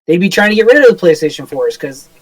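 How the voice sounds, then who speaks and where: A man's voice: fairly high pitch, sing-song, quick pace, fairly bright tone, poor audio. A man co-hosting a podcast in casual chat, rambling and swearing, with lots of filler words. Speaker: podcast co-host.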